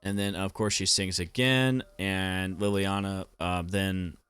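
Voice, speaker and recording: A man's voice: sits low, fairly even intonation, a little slow, a bit bright, clean tone, dry recording, soft background music. A young man giving casual anime commentary, rambling with lots of fillers and casual swearing.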